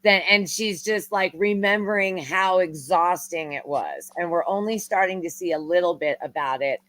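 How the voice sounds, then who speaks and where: A woman's voice: fairly low pitch, moderate pace, a bit bright, dry recording, rough recording. A middle-aged woman in casual chat, rambling and thinking aloud. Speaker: podcast host.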